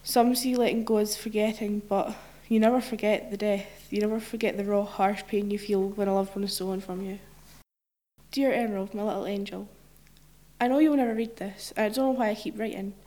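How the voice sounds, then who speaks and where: A woman reading a short story in the form of a letter, in a quiet, solemn way. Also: mid-range voice, steady tone, a little fast.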